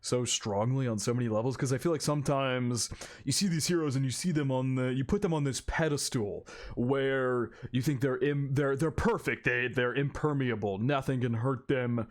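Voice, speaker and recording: A man with a mid-range voice hosts an anime reaction video, talking at a moderate pace. His casual commentary is effusive and emotional, and he swears freely.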